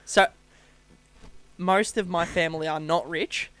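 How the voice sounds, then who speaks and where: Higher-voiced man in dry banter. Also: steady tone, fairly bright tone, no echo. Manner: teasing, quick banter. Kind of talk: casual chat.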